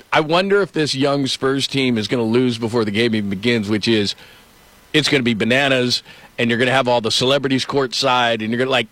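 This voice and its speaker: A middle-aged man hosting casual sports talk who tells stories in an animated way. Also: mid-range voice, no echo. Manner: storytelling, animated.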